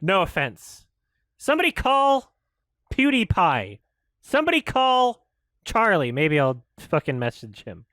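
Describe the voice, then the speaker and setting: A frustrated man rants on his commentary show. His voice sits high and leaps all over the place as he swears and vents. The sound is dry, with no room echo. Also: a little slow. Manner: frustrated, swearing, animated ranting. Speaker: YouTube commentator. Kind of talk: ranting commentary.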